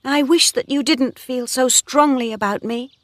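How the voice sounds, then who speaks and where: A woman's voice: high voice, normal speed, fairly bright tone, dry recording, voice pushed up. A woman reader voicing a spirited young woman farmer in an earnest, pleading way. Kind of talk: dramatic story reading.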